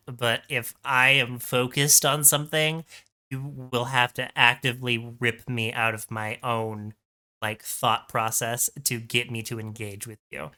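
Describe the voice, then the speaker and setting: A man's voice: mid-range voice, sharp tone. A man co-hosting a podcast, speaking in a candid, matter-of-fact way during a casual chat. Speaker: podcast co-host.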